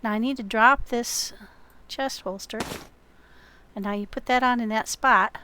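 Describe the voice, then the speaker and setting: A woman's voice: fairly high pitch, a little slow, pushed and bright, a little hiss or hum. A woman hosting a survival game video, chatting with another player and talking to her viewers in a friendly way with many fillers. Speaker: gameplay video host. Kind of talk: gameplay commentary and in-game voice chat.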